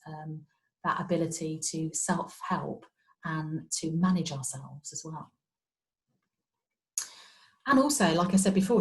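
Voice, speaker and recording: A woman's voice: fairly low pitch, low-quality recording. Woman giving an online training talk. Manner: warm conversational explaining, many fillers and repetitions. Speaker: speech and language therapist trainer. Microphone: video call.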